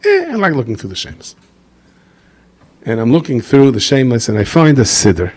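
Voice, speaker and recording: Man, rabbi, storytelling sermon, acts out voices, average pitch. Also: wildly swooping pitch, normal speed, a little mellow, husky. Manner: storytelling, acts out quoted voices, asides to listeners. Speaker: rabbi giving a talk. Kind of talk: sermon with anecdotes.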